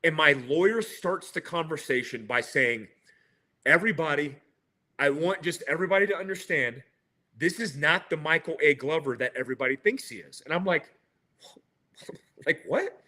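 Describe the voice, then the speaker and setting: Bright-voiced man telling a story. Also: on the high side, animated, moderate pace. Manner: retells with quoted dialogue and laughs. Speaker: interview guest. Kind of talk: animated storytelling.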